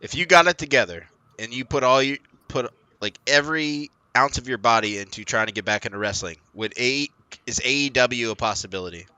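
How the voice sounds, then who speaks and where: A man's voice: mid-range voice, fairly quick, few pauses, bright, forceful tone, clean tone, dry recording. A man co-hosting a casual show, chatting and pressing for straight answers. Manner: earnest questioner, pushes for straight answers. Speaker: podcast co-host. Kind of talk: casual chat.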